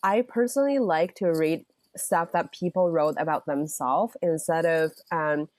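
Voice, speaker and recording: A woman from China, answering as a guest author in a casual interview, slightly hoarse from a cold and chatty with many fillers. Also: low-pitched, a little slow, a little mellow, no room sound.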